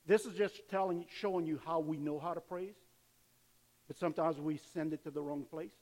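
Casting: older male pastor, high-pitched, animated sermon, church hall echo. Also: normal speed. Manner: animated preaching, acts out cheering fans.

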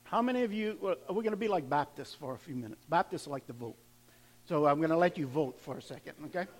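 A pastor with a high voice preaches to his congregation. His talk is loose and conversational, full of questions thrown to the room and words said twice as he builds up a point. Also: expressive, fast. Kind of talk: sermon.

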